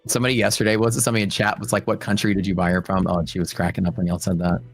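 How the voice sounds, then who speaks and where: He's a young adult trading streamer with a low, breathy voice that races along very fast while faint music plays. Chatting loosely with his live chat, he jokes and tells animated stories, voicing quotes playfully.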